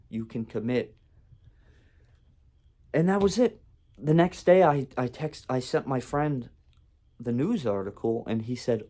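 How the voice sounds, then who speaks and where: A man's voice: lowish voice, dark tone. A man telling a casual, rambling story in a vlog, full of fillers and restarts. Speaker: vlogger.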